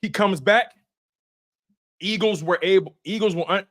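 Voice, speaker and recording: A man's voice: high voice, measured pace, fairly bright tone. A man hosting a sports recap show, talking in a casual, emphatic way, repeating key points and using slang. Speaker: sports podcast host.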